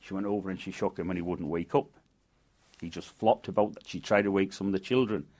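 An older man with a Manchester accent telling a folk tale in a lively, dramatic way. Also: low-pitched, fairly quick. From England. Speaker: storyteller and guide. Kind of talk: folk storytelling.

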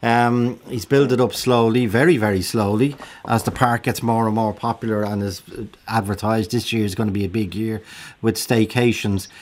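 A man's voice: on the low side, fairly even intonation, moderate pace, darkish tone. A man hosting an Irish radio phone-in, chatty and conversational, with a lot of hesitant restarts. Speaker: radio show host.

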